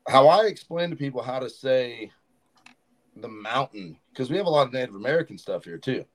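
A man hosting a podcast in a studio, talking at length and with lively energy. His voice sits at a middle pitch and carries an easy, conversational tone. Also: brisk, rough recording. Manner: explains at length, lively storyteller. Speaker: podcast host. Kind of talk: casual studio chat.

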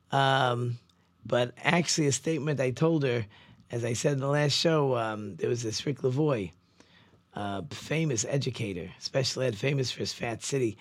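A man's voice: mid-range voice, normal speed, no room sound. A middle-aged man, a rabbi hosting a talk show, talking casually and loosely, with frequent ums and restarts. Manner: conversational, loose storytelling with many ums and restarts.

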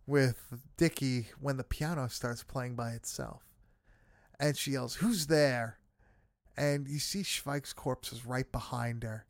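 A man's voice: mid-range voice, a bit bright, clear, resonant tone, dry recording, studio quality. A man casually recapping a horror film with friends, swearing often and leaning on fillers. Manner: loose, swearing, many fillers.

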